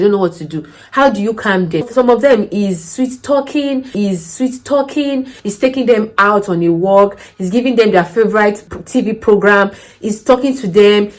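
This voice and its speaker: A woman's voice: mid-range voice, rough recording. A woman, giving care job interview advice in a casual vlog. She tells stories, acts out the dialogue and asks emphatic questions.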